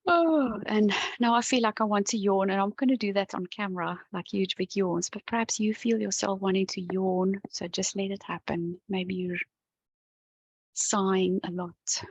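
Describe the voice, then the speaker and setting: A woman with a mid-range, gravelly, slightly husky voice guides viewers through EFT tapping on camera, calm and unhurried, explaining each step gently. She's close to the mic in a dry space without echo, though the recording sounds muffled, and she yawns or sighs now and then while relaxing.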